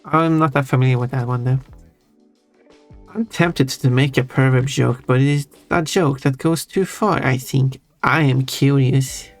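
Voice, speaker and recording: Guy streaming and chatting, talks slow, keeps chuckling, soft music in the back. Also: mid-range voice, steady tone. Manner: chuckles often, teasing. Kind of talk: casual chat with live chat. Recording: faint music under voice. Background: soft background music.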